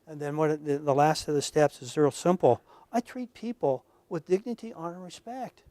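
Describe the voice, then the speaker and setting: A man lectures to a live audience in a room, talking plainly and earnestly. He tells personal stories and swings from near-whispers to loud punchlines, in a voice a little higher than most men's. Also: a little fast, dry recording. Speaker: lecturer at professional workshop. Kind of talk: conversational lecture.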